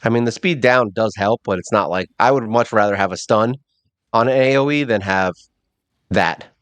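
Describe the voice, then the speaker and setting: A man hosting a mobile game channel, giving casual, rambling gameplay commentary and thinking out loud with a self-mocking streak. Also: on the low side, normal speed, dry recording.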